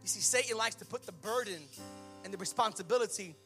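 A male pastor in his thirties preaching a sermon with stories, impassioned and swinging from loud to hushed. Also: high voice, quick pace, gravelly, soft background music. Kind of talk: sermon with storytelling.

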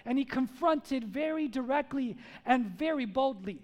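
High-voiced man preaching in a reverberant hall. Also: expressive, normal speed, hardly any pauses. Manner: emphatic, swings from loud confrontation to hushed storytelling. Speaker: pastor. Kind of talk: sermon.

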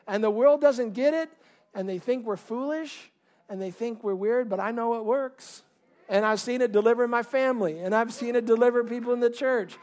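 A man preaching a Sunday sermon in church, fervent and emphatic, rising into loud bursts. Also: high voice, moderate pace. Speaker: pastor.

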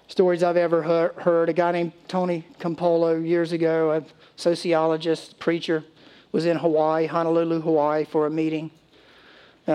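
A man's voice: fairly high pitch, a little mellow. A male pastor preaching a sermon, exhorting his listeners and telling a story with quoted voices. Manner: urgent, exhorting.

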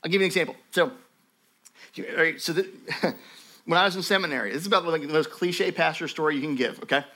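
A man teaching a sermon as pastor, telling stories in a lively conversational way with frequent asides to his listeners. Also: on the high side, fast. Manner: animated storytelling, conversational asides.

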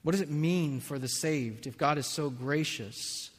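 A man preaching a sermon as a pastor, slow and measured, building to impassioned stretches. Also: fairly high pitch. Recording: long reverb of a large hall.

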